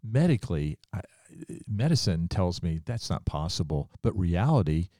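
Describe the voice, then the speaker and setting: A man's voice: deep voice, very animated, normal speed, mellow, dry recording, studio quality. A man hosting a faith-based interview, telling heartfelt personal stories full of quoted dialogue. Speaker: podcast host.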